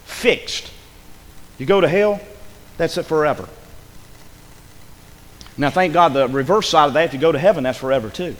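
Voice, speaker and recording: Pastor, man, high-pitched and fiery, booming shouts dropping to near whispers, reverberant church hall. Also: normal speed, pauses often. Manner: fiery preaching, swinging from loud shouts to hushed lows. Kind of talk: sermon. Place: church sanctuary.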